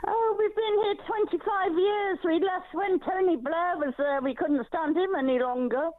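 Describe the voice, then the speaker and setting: Very high-voiced older woman on phone. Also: moderate pace. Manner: polite, cautious, gently laughing. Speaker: caller. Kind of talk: phone-in call. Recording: dry tinny phone line.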